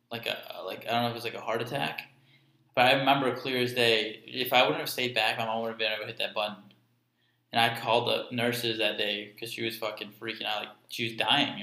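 A man's voice: mid-range voice, sharp tone. A young man sharing an emotional personal story in earnest, profane casual chat. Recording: echoey room.

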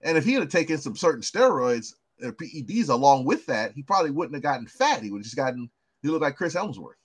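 A man co-hosting a podcast in casual chat, animated and swearing freely, often repeating words. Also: mid-range voice, fast, breathy edge. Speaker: podcast co-host.

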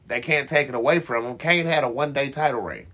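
A man's voice: mid-range voice, fast, sharp tone. A man hosting a casual wrestling podcast, talking emphatically and teasing his co-host.

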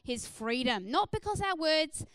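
A woman's voice: high-pitched, big pitch swings, measured pace, fairly bright tone, no echo, low-quality recording. A woman preaching a sermon in an earnest, encouraging way, with frequent "uh" fillers.

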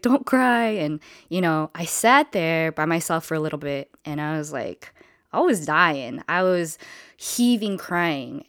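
A woman's voice: deep voice, dry recording, studio quality. A young woman hosting a podcast, telling a personal story candidly and emotionally, swearing casually. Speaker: podcast host.

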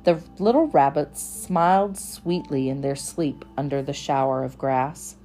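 A woman reading a children's storybook aloud in a gentle, measured voice. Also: low voice, soft background music. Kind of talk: storybook read-aloud narration.

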